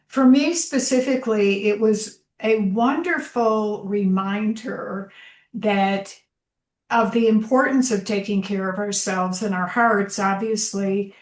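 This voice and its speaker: A woman's voice: mid-range voice, darkish tone, echoey room. A woman on a video call, sharing her thanks and reflections. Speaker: call participant.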